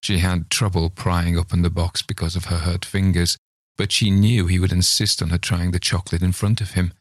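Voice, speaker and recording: A man reading a story aloud in a measured, unhurried narration. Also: sits low, flat delivery, dry recording, clean studio sound. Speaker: reader of stories.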